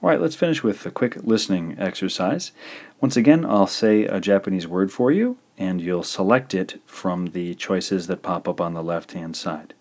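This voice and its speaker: A man's voice: low voice, animated, a little mellow. A man teaching a language lesson, carefully pronouncing syllables and repeating each one. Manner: slow, careful pronunciation of syllables with repetition. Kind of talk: scripted video lesson.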